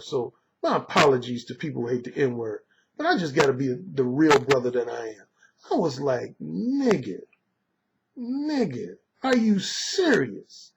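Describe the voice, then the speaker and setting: A man's voice: mid-range voice, lively intonation, normal speed, vocal fry, muffled recording, noisy background. A man, an author and dating coach, delivering a blunt, emphatic and boastful monologue that is full of profanity. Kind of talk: opinionated monologue.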